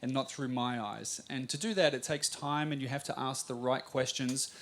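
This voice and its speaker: Brief: middle-aged Australian man, coach guest on a live talk show, fast anecdotal storyteller, mid pitch. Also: a little hiss or hum. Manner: lively anecdotal storytelling, quick-talking by habit.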